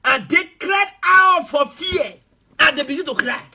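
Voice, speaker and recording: A man preaching a sermon, swinging between loud shouted passages and quiet asides. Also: very high-pitched, unhurried, a little hiss or hum. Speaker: pastor.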